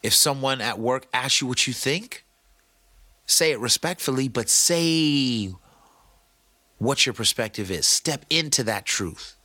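Bright-voiced man, playful and slangy. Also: medium pitch, a little slow, no room sound. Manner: animated, playful, slangy, talks to his producer. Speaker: podcast host. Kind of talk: casual motivational talk.

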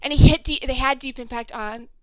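A young Midwestern woman chatting casually about movies, animated and acting out scenes with a lot of swearing. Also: sits high, brisk, clear, resonant tone, no echo.

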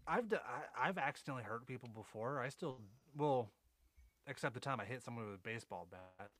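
A man co-hosting a podcast, chatting casually in a halting, blunt way about wrestling matches. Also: mid-range voice, expressive, fairly bright tone, dry recording. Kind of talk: casual chat.

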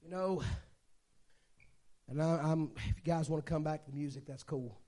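A man in his sixties preaching a sermon as a guest preacher, telling stories and swinging between quiet talk and shouting. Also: on the high side, moderate pace.

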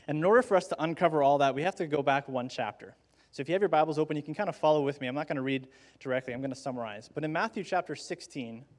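A middle-aged man preaching a sermon in a conversational way, with dramatic pauses, who acts out the quoted dialogue. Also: fairly high pitch. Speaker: pastor.

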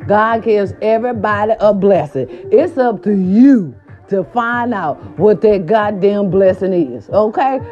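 A woman vlogger telling a story and then giving a pep talk, animated and profane, slipping into quoted voices. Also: mid-range voice, unhurried. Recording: dull lo-fi recording with faint music.

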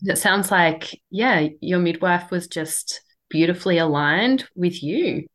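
Low-voiced woman hosting. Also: slow pace. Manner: warm, encouraging, affirming. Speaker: podcast host, birth support worker. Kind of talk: casual interview chat.

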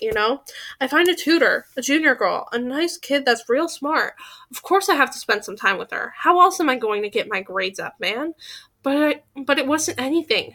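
A woman's voice: sits high, a bit bright. A woman voicing a huge, lovesick teenage football boy who talks earnestly in casual slang.

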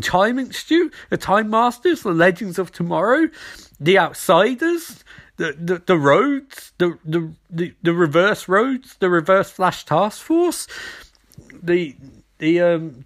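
Man, podcast host, rambling, sarcastic, slightly high voice. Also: fairly bright tone. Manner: rambling, sarcastic, acts out characters mid-recap. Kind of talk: casual podcast recap.

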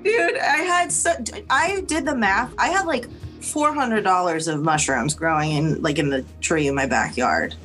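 Young woman, podcast co-host, animated and profane, faint music bed. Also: fairly low pitch, unhurried. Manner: animated, swears freely. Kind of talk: casual chat.

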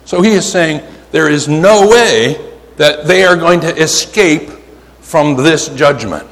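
Male preacher, Pennsylvania accent, animated and emphatic, long reverb of a big hall. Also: on the high side. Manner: animated storytelling, drawn-out emphatic words, frequent "right?". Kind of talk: sermon. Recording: hall reverb, faint ambience.

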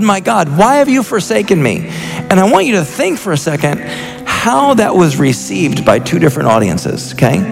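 Earnest gravelly-voiced pastor in reverberant hall. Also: male voice, sits high. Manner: earnest and impassioned, with many restarts. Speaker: senior pastor. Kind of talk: sermon. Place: church sanctuary. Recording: reverberant church hall with faint music.

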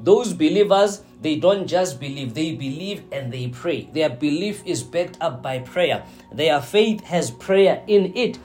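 A man preaching a sermon, slow and deliberate, often checking in with his listeners. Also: on the high side, animated, a little mellow, soft background music. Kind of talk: sermon teaching.

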